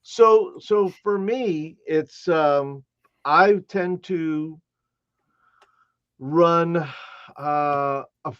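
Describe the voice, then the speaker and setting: A man chatting casually as a show regular, speaking in a measured, hesitant way with many fillers. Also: a little high, a bit bright, smooth, no room sound, lo-fi sound. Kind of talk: casual chat.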